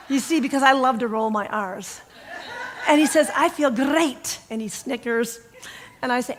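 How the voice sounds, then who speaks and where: A middle-aged woman minister giving a casual storytelling sermon, animated and laughing as she acts out dialogue. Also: sits high, normal speed, slight background noise.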